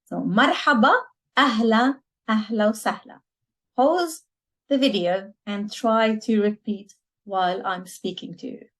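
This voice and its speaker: Slow, patient woman language teacher. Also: medium pitch, poor audio. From Lebanon. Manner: slow, deliberate, repeats words for learners to copy. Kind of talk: language lesson.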